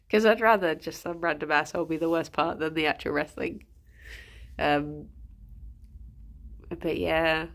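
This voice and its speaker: Slow-talking woman streamer. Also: lowish voice. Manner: chatty, laughs often, lots of fillers. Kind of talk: casual chat.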